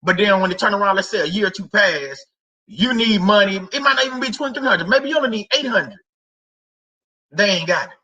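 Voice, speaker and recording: Bright, high-voiced man joking with viewers. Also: animated, a little fast, dull audio. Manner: laughing, joking, slangy and repetitive. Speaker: host of a faith livestream. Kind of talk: casual livestream chat to viewers. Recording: somewhat distant mic.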